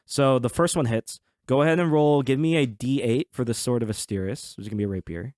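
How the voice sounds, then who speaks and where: A man acting as game master, narrating a tabletop fantasy game in a relaxed, chatty way with many hesitant fillers. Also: mid-range voice, quick pace, no echo, studio quality.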